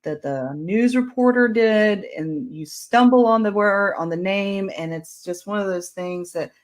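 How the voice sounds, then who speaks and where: A woman's voice: medium pitch, unhurried. A woman hosting a casual talk show, often correcting herself on names. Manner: self-correcting, stumbles on names. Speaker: host. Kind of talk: casual chat.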